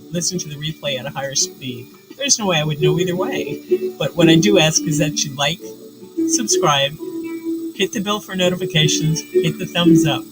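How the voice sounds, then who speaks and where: Loud, mellow background music runs under this rough recording of a livestream host from New York. Her voice sits on the low side, and she rambles casually, leaning heavily on filler words.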